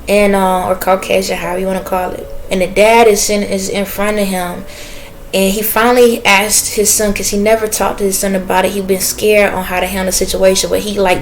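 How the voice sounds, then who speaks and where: A woman's voice: mid-range voice, a little hiss or hum. A woman talking in a casual spiritual vlog, rambling and chatty, stopping now and then to listen before speaking to her viewers. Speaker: spiritual reader.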